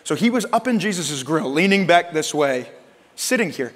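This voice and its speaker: Animated male pastor in an echoing hall. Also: on the high side, normal speed. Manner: animated, conversational preaching with slang. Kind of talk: sermon.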